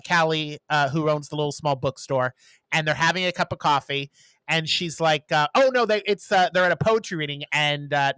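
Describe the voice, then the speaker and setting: A man's voice: fairly high pitch, pushed and bright, smooth, no echo. A man co-hosting a podcast, chatting casually and animatedly retelling movie scenes with playful little voices. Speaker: podcast co-host. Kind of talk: casual chat, movie review.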